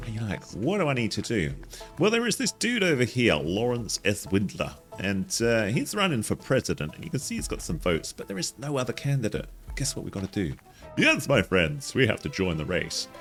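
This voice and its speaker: A man narrating a playful game walkthrough, joking and chatting to the characters as he plays. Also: a bit bright. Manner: jokey, talks to characters in silly voices, jumps high in pitch. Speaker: gaming guide host.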